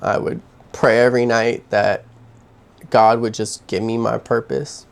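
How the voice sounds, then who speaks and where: A young man vlogging from his home, telling his own story in a candid, halting way with heavy sighs. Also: mid-range voice, little pitch movement, vocal fry, clear, resonant tone. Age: young adult. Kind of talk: personal confessional story.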